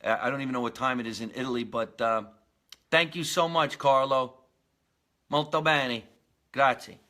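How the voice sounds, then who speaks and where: A man's voice: medium pitch, steady tone, normal speed, sharp tone. A man in his forties, a comedian hosting his own live show, rambling and joking in a casual monologue. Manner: rambling, jokey, with lots of fillers and restarts.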